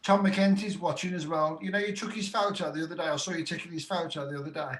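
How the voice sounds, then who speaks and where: A man's voice: fairly high pitch, fairly even intonation, fast talker, a bit bright. A man co-hosting a casual online quiz, teasing and drawing out his reactions. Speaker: co-host. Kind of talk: casual live-stream chat. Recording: roomy echo.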